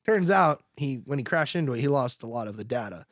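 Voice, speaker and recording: A man's voice: medium pitch, lively intonation, fast, few pauses, no echo, studio quality. A man hosting a podcast, recapping a film in rambling casual chat packed with "like" and acted-out quotes. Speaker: podcast host.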